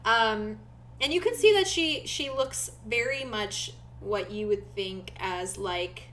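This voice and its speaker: A woman's voice: mid-range voice, slow pace, fairly bright tone, a little hiss or hum. A woman running a tabletop game as game master, narrating in a rambling way and searching for words with many fillers.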